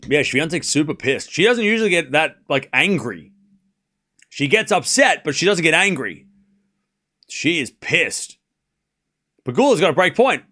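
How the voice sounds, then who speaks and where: A man hosting a live tennis watchalong, giving informal play-by-play that rises to excited shouts on big points. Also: a little high, a little slow, long pauses. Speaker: host calling a live watchalong stream.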